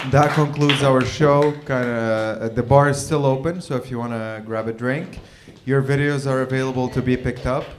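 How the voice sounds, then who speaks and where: A man's voice: medium pitch, steady tone, moderate pace, few pauses, background noise. Rambling man wrapping up an open mic. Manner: loose, rambling, many fillers. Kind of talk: closing announcements. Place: bar open mic stage.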